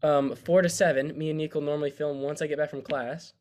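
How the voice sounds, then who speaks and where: A young college-age man co-hosting a casual podcast, telling a story with plenty of life. His voice sits slightly high for a man. He drops into quoted lines as he goes. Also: fairly quick. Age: young adult. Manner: animated storyteller, acts out quotes. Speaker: podcast co-host.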